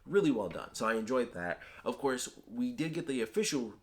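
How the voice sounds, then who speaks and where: Male reviewer, casual and rambly, quick delivery full of fillers. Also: medium pitch, big pitch swings. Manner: rambling, many fillers and restarts. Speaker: TV episode reviewer.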